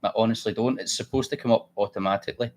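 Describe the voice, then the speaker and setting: A man's voice: on the low side, steady tone, very fast. A man hosting a live trading stream, chatty and blunt, thinking aloud as he works. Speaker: trading livestream host. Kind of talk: casual live trading commentary.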